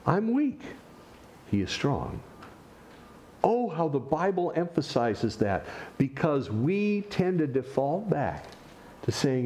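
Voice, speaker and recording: A man preaching a sermon with a voice that sits a bit high and swings widely in pitch. He asks rhetorical questions and drops wry asides as he works through scripture. There is a faint hiss of noise behind him. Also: very animated, slow, long pauses, mellow. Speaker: pastor.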